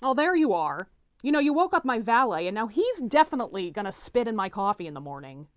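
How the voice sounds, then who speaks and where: A woman playing a flustered, bookish young gentleman. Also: a little high, sing-song, fast talker, no echo. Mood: exasperated. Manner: prim, exasperated, stammering. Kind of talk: comedic audio drama.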